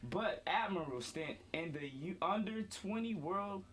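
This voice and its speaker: A man's voice: high voice, lively intonation, a little slow, a bit bright. A young man hosting a student sports talk show, playful and self-correcting, often calling out to the audience. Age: young adult. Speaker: host. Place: student media studio.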